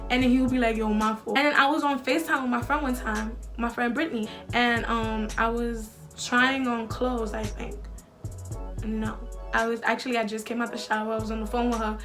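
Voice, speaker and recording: A young woman tells a storytime, with a fairly high voice and loose, slangy talk packed with filler likes and swearing. Faint music plays under her. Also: level tone, brisk. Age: young adult. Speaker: vlogger. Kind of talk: casual storytime.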